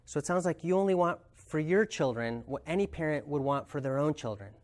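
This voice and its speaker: A man voicing a patient male teacher who asks soft, gentle questions. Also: a little high, lively intonation, a little fast, natural voice. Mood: calm.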